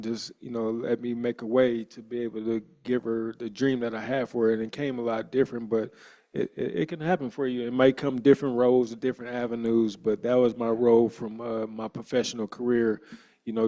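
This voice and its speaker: A man on a discussion panel, a former professional football player, telling a lively personal story in casual slang. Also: medium pitch. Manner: animated storyteller, acts out quoted dialogue, casual slang.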